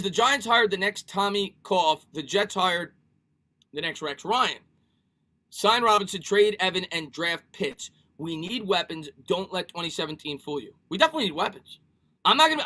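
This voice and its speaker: Man, high voice, bright tone, sports talk streamer, energetic chat. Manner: animated, repeats himself, reads viewer comments. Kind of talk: casual live-stream chat.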